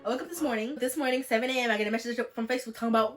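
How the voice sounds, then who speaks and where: A vlogger in her twenties races through a storytime video, jokey and animated as she plays both sides of a text conversation. Her voice is on the high side, with soft music in the background.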